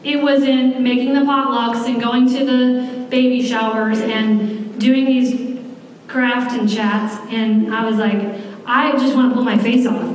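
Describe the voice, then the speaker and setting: A woman's voice: on the high side, fairly even intonation, a little slow, slight background noise. A woman in her forties preaching a sermon, talking candidly and conversationally with personal asides. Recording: echoey hall from far off.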